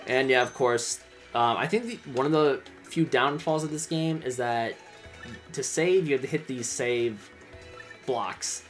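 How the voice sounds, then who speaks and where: A man's voice: medium pitch, a little slow, soft background music. A man hosting a let's play, chatty and enthusiastic. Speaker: gaming channel host.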